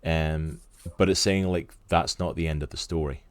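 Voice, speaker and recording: Very deep-voiced Scottish man. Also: steady tone, normal speed, smooth, dry recording. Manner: earnest, rambling with many fillers. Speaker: podcast co-host. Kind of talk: casual interview chat.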